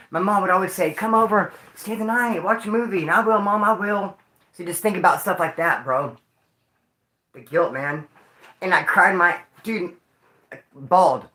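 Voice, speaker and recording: A grieving man talks to his livestream viewers in a high, bright voice. He is slangy and emotional, calling them dude and homeboy. The room around him is echoey. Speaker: livestream host. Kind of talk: casual livestream talk.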